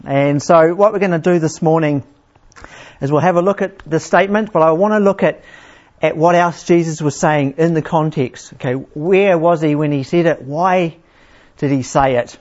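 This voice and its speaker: Man, pastor preaching a sermon, higher voice, conversational, lo-fi muffled sound. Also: darkish tone. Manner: conversational, with frequent restarts and slow emphatic scripture reading. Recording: dull lo-fi sound.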